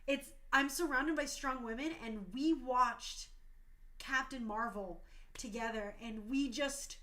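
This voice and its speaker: A woman's voice: sits high, slow pace, bright, forceful tone. A woman in her thirties hosting a talk show stream, speaking passionately and emotionally, tearful at times.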